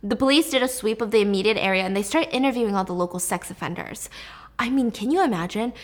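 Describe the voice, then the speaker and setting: A woman's voice: mid-range voice, fast talker. A woman telling a true story in a casual, chatty way, swearing offhand and talking straight to the listener.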